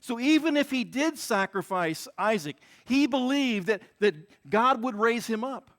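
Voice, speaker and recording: A man with a high-pitched voice preaching a Sunday sermon. He talks earnestly and circles back to repeat key words and phrases to drive them home. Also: expressive, measured pace, fairly bright tone. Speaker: pastor.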